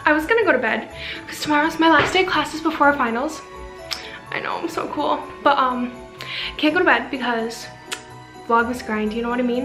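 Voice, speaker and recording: In a high voice, a young woman vlogs casually late at night, sleepless, bubbly and poking fun at herself while rambling through plenty of fillers. The audio is rough and reverberant, recorded first in her bedroom and then in a room with a piano.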